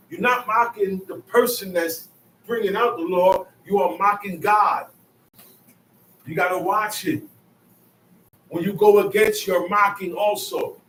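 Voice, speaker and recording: A man's voice: high voice, fairly bright tone, slight background noise. A man teaching scripture in an emphatic, conversational way, often repeating his phrases. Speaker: bible teacher. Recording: echoey room, mic at a distance.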